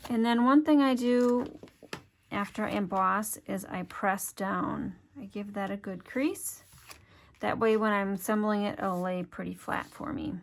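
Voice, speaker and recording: A woman's voice: mid-range voice, measured pace. A woman from Wisconsin, demonstrating a card-making craft step by step in a chatty way. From Wisconsin, USA. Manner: chatty, step-by-step, thinks aloud while working. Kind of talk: hands-on craft tutorial.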